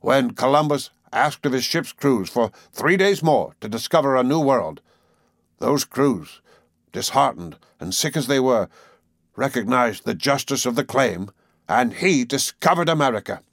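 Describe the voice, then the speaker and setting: A man voicing a stubborn, commanding older professor in an audiobook, speaking with forceful, resolute declarations. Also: medium pitch, animated, a little slow, dry recording, studio quality. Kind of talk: audiobook character reading.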